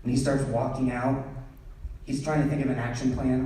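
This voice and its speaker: A young man doing storytelling stand-up on a theatre stage, animated and acting out scenes. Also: medium pitch, normal speed. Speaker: stand-up comedian. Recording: echoey theatre from far off.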